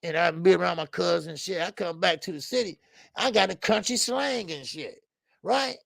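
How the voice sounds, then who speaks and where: A man hosting a casual boxing talk stream, animated and profane, rambling through stories, laughing and answering the chat. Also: high-pitched, normal speed, gravelly, dry recording, studio quality. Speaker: boxing talk show host. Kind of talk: casual live-stream commentary.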